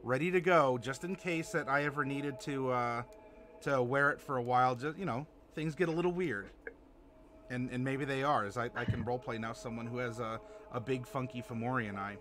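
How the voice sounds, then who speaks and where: Bright-voiced chatty game master. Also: male voice, mid-range voice, slight background noise. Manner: chatty, halting, many fillers, laughs easily. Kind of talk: narrating a streamed tabletop game.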